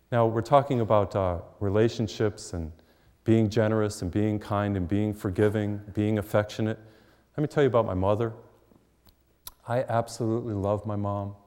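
A man's voice: lowish voice, darkish tone. A middle-aged man preaching a sermon, telling stories in a conversational, humorous way. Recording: long hall reverb.

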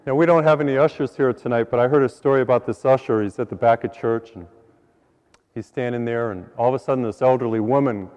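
Joking priest in a reverberant church. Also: male voice, medium pitch, fast talker, a little mellow. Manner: folksy storyteller, telling jokes to a live congregation. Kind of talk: joke-filled sermon. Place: large church. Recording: long church reverb, dull sound. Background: congregation laughing.

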